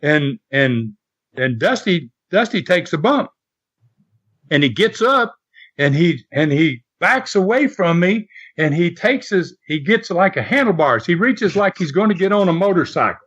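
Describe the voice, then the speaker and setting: Older guy on a podcast rambling through an old story, chuckles a lot, kinda high voice, muffled sound. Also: sing-song, measured pace, fairly bright tone. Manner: rambling storyteller who chuckles and restarts often. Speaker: podcast guest, former wrestler. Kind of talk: casual anecdote telling. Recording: lo-fi podcast audio.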